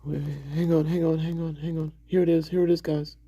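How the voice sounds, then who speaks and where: Co-hosting a late-night livestream, a man chats casually, laughing often, repeating himself and greeting viewers by name. His voice is on the high side with a dark tone, delivered level and fairly quick, with no echo.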